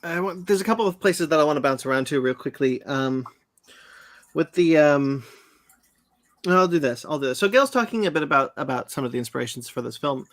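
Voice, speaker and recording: A man's voice: on the high side, animated, a little fast, no room sound. A man hosting a podcast, talking loosely about a film with many hesitant fillers. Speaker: podcast host. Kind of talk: casual film discussion.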